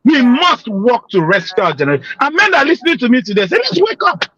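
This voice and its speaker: A man with a high, bright voice speaks as a podcast guest, husky around the edges. His delivery is emphatic and sermon-like, his pitch swinging widely as he presses a point. The sound is a bit dull and lo-fi. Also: sing-song, fast. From Nigeria. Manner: emphatic and preaching, rising to shouts. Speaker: parenting coach.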